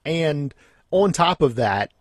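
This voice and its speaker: A male host asking relaxed, encouraging questions in a casual interview, with some halting restarts. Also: fairly high pitch, no echo, studio quality.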